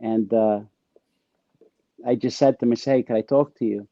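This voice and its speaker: Gravelly man telling street stories. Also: mid-range voice, fairly even intonation, moderate pace, dark tone, no echo. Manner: streetwise slang, stammering restarts. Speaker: interview guest. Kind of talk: casual storytelling. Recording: dull lo-fi dry sound.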